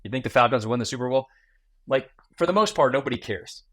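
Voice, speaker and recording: A man in his forties, a podcast guest who tells stories in a lively way and acts out small talk in quick asides. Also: medium pitch, dry recording. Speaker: guest, founder and keynote speaker. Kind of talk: conversational podcast interview.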